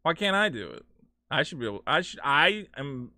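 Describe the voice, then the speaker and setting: Crude joking male streamer, lively pitch. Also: moderate pace, dry recording, clean studio sound. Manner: crude, rambling, joking, swears freely. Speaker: gaming streamer. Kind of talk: casual gameplay commentary.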